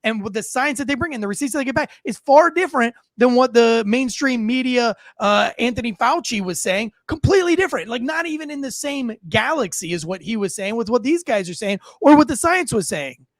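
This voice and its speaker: A man's voice: extremely high pitch, lively intonation, fairly quick, few pauses, dry recording, clean studio sound. A man hosting a podcast in heated, profane commentary, repeating himself and mocking people. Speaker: podcast host. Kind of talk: ranting commentary.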